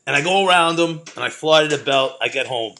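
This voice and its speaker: A middle-aged man tells heated stories in a profane, rambling monologue. His voice sits fairly high for a man. He talks casually, as the host of his own show. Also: brisk, sharp tone, a little hiss or hum. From Brooklyn, New York. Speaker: podcast host.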